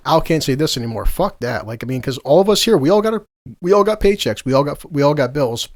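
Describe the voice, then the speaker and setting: A man's voice: fairly high pitch, animated, fast talker, dry recording. A man hosting a casual podcast, ranting heatedly and swearing freely. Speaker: podcast host.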